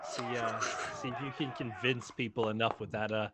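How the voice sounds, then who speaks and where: A man narrating a tabletop game as game master, laughing often and filling pauses with "uh". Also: medium pitch, steady tone, a crowd in the background. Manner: laughing often, filler-heavy.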